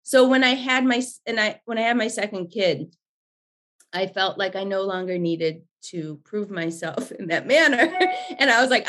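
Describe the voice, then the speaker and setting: A woman in her forties, a podcast guest, telling stories in a lively, chatty way and swearing freely. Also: lowish voice, normal speed. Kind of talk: casual storytelling chat.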